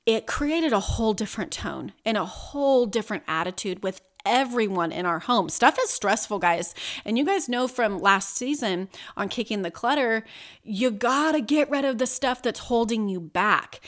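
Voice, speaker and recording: A woman in her thirties hosting a motivational podcast, talking to listeners directly and earnestly, with a chatty manner full of "like" and "you know". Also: medium pitch. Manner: conversational, many fillers like "like" and "you know". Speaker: podcast host.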